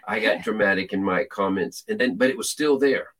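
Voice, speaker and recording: Man with a very low voice, animated storyteller who acts out his quotes, casual testimony. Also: fairly quick, low-quality recording.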